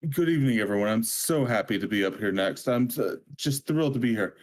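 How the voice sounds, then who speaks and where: A man's voice: mid-range voice, animated, a little fast, natural voice, low-quality recording. Effusive male bard, played by a man, gushing, overly formal, midrange voice.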